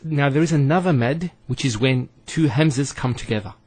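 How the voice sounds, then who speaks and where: A man teaching a recorded Arabic lesson, speaking deliberately and drawing out vowels to show pronunciation. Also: medium pitch, darkish tone, no room sound.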